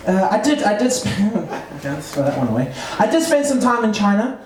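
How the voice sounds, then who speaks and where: A South African man in his thirties rambles through a stand-up set at a comedy club open mic, his high voice very animated and a little fast, full of fillers and restarts as he keeps interrupting himself. A distant room mic catches the echo and the audience laughing.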